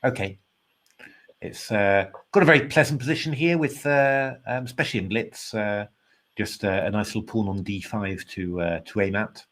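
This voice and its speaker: Man, casual chess commentary, tired, yawning, thinking aloud, hesitant, fillers, polite, self-deprecating, lowish voice. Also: normal speed, a bit bright.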